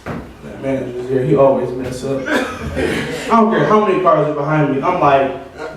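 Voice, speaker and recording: Stand-up comic, male, higher voice, rambling rants; echoey room, mic at a distance, crowd audible. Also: animated, a little slow, long pauses. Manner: rambling, ranting storytelling. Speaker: open mic comedian. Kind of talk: stand-up comedy. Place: open mic venue with audience. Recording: echoey room from far off, audience.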